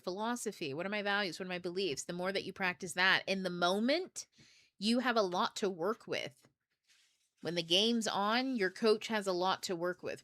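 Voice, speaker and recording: Woman, book club host, bright tense voice, dry close sound, candid, swears a lot, animated. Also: lowish voice, normal speed, no echo. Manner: candid and profane, swears freely; animated, jumps between thoughts and asides. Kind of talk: casual livestream talk.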